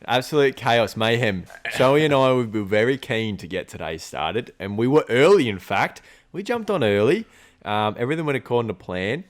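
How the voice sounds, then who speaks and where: An Australian man co-hosting a podcast, telling animated stories in casual chat, swearing freely and laughing often. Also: mid-range voice, moderate pace. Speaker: podcast co-host.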